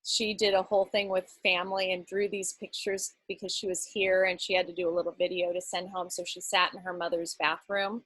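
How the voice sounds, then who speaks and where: A woman's voice: lowish voice, little pitch movement, brisk, hardly any pauses, a bit bright, slightly rough, no room sound. A woman leading an online workshop over a video call, chatty and encouraging, talking in loose, rambling sentences. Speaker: workshop facilitator. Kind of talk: casual online workshop talk.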